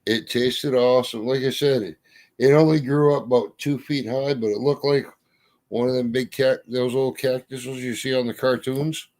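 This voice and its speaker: A man's voice: mid-range voice, steady tone, moderate pace, a little mellow. Folksy storytelling man. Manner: folksy storyteller, drawling, swears mildly. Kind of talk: casual chat.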